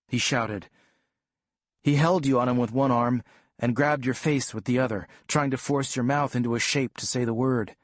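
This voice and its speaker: A man reading a first-person audiobook in a calm, even storytelling voice on a studio mic. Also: mid-range voice, moderate pace, no echo. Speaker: audiobook narrator.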